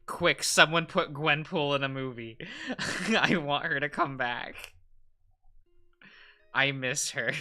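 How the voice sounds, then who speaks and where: A man's voice: mid-range voice, fairly even intonation, slow pace, pauses often, pushed and bright. A male streamer chatting casually and rambling with frequent laughs while he draws.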